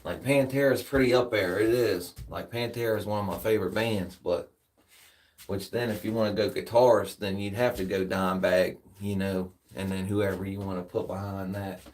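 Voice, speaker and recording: A man's voice: lowish voice, steady tone, moderate pace, a little mellow. Tired laid-back Southern man, off-mic. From United States. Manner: laid-back, rambling, slangy. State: tired after a workout. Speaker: streamer. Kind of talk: casual chat with viewers. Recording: distant from the mic.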